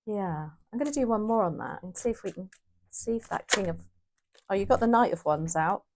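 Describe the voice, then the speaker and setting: A woman's voice: medium pitch, animated, a little fast, a little mellow, slight background noise. A woman giving a casual, chatty tarot reading to her viewers, often correcting herself as she thinks aloud. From United Kingdom. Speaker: tarot reader.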